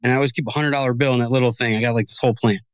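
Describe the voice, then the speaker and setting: Fast-talking man swapping profane stories. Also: medium pitch, clean tone, no room sound. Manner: swears freely, animated and rambling. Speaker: podcast host. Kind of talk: casual chat, storytelling.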